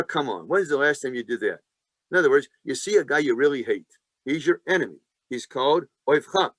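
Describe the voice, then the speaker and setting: A man with a fairly high voice teaching a Torah class. He talks with emphasis, poses questions and answers them himself, and mixes in jokes. The sound is dry and close. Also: a bit bright, dry recording. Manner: emphatic, asks and answers his own questions, joking asides. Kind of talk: lively Torah lesson.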